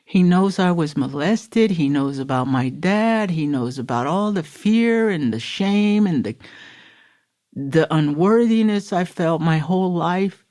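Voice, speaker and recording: A woman's voice: on the low side, lively intonation, measured pace, mellow. A middle-aged woman from Florida, a podcast guest, giving an earnest, emotional personal recovery testimony and acting out the quotes she retells. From Florida, USA.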